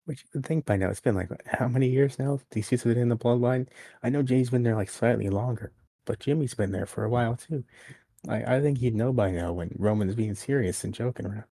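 Recorded with clean studio sound and no room echo, this man has a medium-pitched, dark-toned voice and talks fast. As a podcast co-host in a casual wrestling review chat, he recaps the show at length, performing the quoted lines.

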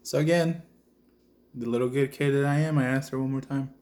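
A man's voice: medium pitch, steady tone, brisk, a little mellow. A man from El Salvador telling a spooky childhood story in casual, profane podcast chat. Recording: echoey room.

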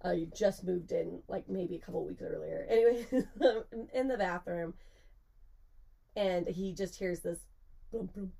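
A woman's voice: fairly low pitch, unhurried, vocal fry, dark tone, breathy edge. A young woman co-hosting a podcast, telling a story in casual chat, laughing often and swearing freely.

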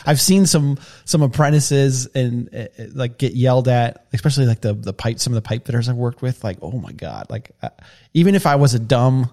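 A man in casual podcast conversation, his voice sitting at an ordinary middle pitch. He rambles, trips over restarts and leans on fillers, talking loosely about life on construction jobs. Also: animated, a little fast, dark tone. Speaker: podcast co-host; construction tradesman. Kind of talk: casual chat.

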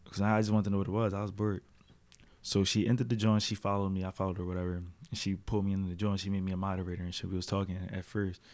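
Podcast co-host, man, low-ish voice, loose rambling storyteller, slang-heavy. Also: level tone, racing, a little mellow. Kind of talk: casual chat.

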